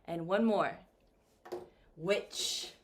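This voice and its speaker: A woman teaching a beginner English lesson, speaking slowly and clearly and acting out example questions. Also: lowish voice, a little hiss or hum. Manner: slow and lively, with acted-out example questions.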